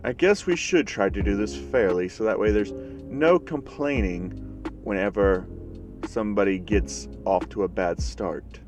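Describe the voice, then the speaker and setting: A man voicing a gruff male teacher who speaks bluntly and with profanity in a fan story. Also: fairly low pitch, a little slow, distant mic, over music, natural voice. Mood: blunt defiant.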